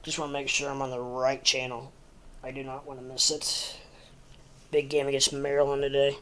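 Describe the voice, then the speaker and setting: A man's voice: medium pitch, completely flat delivery, moderate pace, a bit bright. A man hosting a casual livestream from home, sleepy and rambling with lots of ums and uhs. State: sleepy, yawning. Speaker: livestream host.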